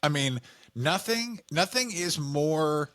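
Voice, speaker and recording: A man's voice: a little high, expressive, slow, fairly bright tone, no room sound. A man co-hosting a comedy podcast, chatting loosely and joking, often slipping into silly put-on voices. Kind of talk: casual comedic chat.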